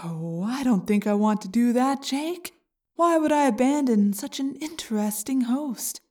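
A woman voicing a gloating male alien parasite in an audiobook, slow and mocking. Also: a little high, expressive, a little mellow, recorded from a distance. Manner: slow, taunting, smug. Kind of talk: audiobook character reading.

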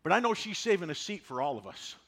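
A man in his sixties preaching a sermon, folksy and animated, driving points home with repetition. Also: sits high, quick pace. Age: 60s. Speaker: pastor.

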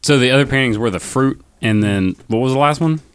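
A man playing a tabletop game, joking and pitching wild ideas in casual chat. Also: a little fast, smooth. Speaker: player.

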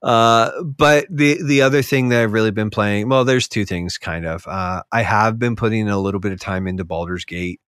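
A man talks on a podcast in a low voice, rambling and animated, and his pitch jumps up when he mocks other players. The sound is close and dry. The talk is casual and fast-shifting, full of restarts. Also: smooth, no echo. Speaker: podcast co-host. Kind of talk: casual chat.

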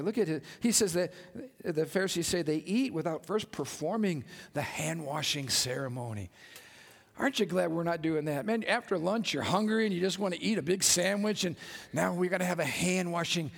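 Brief: high-pitched male pastor, animated sermon, long church reverb. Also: normal speed, gravelly. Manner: animated, joking, calls out to congregation.

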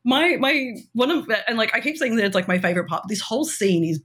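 This podcast co-host speaks quickly with a fairly high, slightly bright voice and lively intonation. Her casual chat is giggly and rambling, packed with fillers.

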